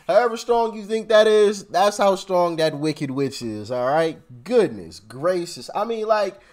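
A commentary vlogger offers casual political takes in a high-pitched, expressive, slightly mellow voice at a measured pace. He laughs often and stammers, repeatedly restarting his sentences.

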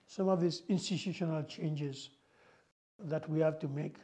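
A man's voice: sits high, a little mellow. An older man from Mauritius, a guest in an interview, explaining his views in an emphatic way and often adding "you know". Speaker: guest, former finance minister.

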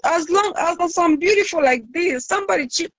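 A woman's voice: extremely high pitch, fairly quick, no echo. A woman from Uganda, calling in and speaking broken, pidgin-tinged English. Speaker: caller. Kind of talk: casual chat.

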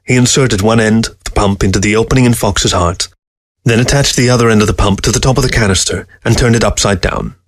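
A man reading a story aloud as narrator, calm and even. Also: lowish voice, quick pace, no room sound, clean studio sound. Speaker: story reader. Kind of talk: audiobook narration.

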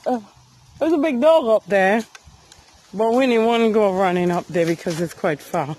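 A woman's voice: mid-range voice, moderate pace, darkish tone. A woman vlogging outdoors by a river while walking her dog, talking to it in a coaxing, sing-song way. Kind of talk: casual outdoor vlog chat.

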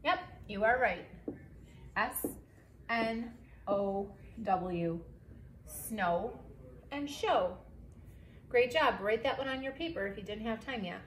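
Slow, clear woman teaching young kids. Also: mid-range voice. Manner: slow, clear, encouraging, spells words letter by letter. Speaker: second grade teacher. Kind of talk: remote phonics lesson for children. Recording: echoey room, faint background hiss.

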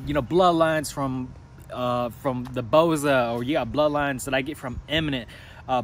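A man's voice: on the high side, a bit bright, slight background noise. A young man, a dog breeder, chatting casually in a rambling, laid-back vlog, swearing freely.

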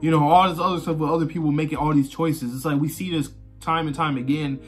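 Rambling, higher-voiced man reacting to manga. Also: fairly even intonation, quick pace, husky, faint music behind. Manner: rambling, conversational, swears freely, many fillers. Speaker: manga reaction channel host. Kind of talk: casual manga read-through reaction.

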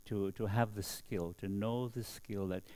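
A middle-aged man, a Buddhist monk, giving a slow dharma talk and often checking in with a questioning "hmm?". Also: lowish voice, steady tone, mellow.

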